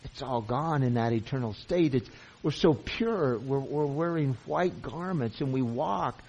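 A man's voice: medium pitch, measured pace, a little mellow, slightly rough. A man preaching a sermon, earnest and emphatic, who often repeats himself as he presses a point. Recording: dull lo-fi sound.

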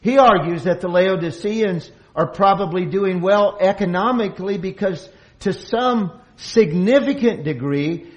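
A man's voice: high voice, a little mellow, dull audio. A man preaching an expository sermon, earnest, often restarting phrases and raising his voice for quoted lines. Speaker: pastor.

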